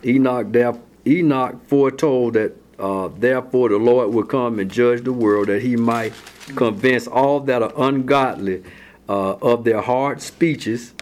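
Male Bible study teacher, mid-pitched, folksy and repetitive, slow scripture reading. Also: a little mellow. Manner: folksy, repeats words, reads scripture slowly then acts out speakers.

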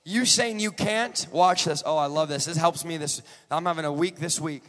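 A man preaching a sermon in a church, moving from joking asides to shouted, rhythmic calls to the congregation. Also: a little high, moderate pace, in a large hall. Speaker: guest preacher. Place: large church.

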